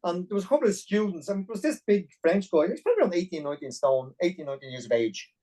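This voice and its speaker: Lively, fast-talking Irish man. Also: high-pitched, low-quality recording. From Ireland. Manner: animated, fast-paced anecdotal storytelling. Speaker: podcast guest. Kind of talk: storytelling interview.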